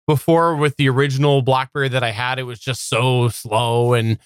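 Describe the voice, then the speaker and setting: A man co-hosting a tech podcast, giving measured, wry analysis with a few hesitations. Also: medium pitch, flat delivery, clean tone, dry recording, clean studio sound. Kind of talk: casual podcast chat.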